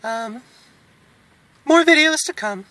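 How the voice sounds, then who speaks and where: Emotional woman in her forties, halting. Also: high voice, lively intonation, pushed and bright, dry recording. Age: 40s. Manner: emotional, halting, near tears; candid and reflective, with nervous laughs. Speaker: vlogger. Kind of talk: personal video diary.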